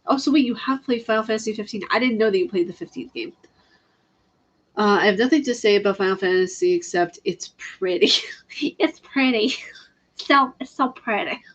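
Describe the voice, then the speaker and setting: A woman's voice: medium pitch, a little fast, highs cut off. A woman chatting casually on a live stream about video games, laughing often and answering her chat. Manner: chatty, giggly, reads chat aloud.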